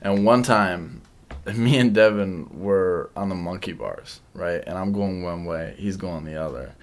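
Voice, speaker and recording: A young man with a fairly low voice chats on a casual talk show. He rambles in slang and laughs between words. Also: unhurried. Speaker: podcast co-host. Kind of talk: casual chat.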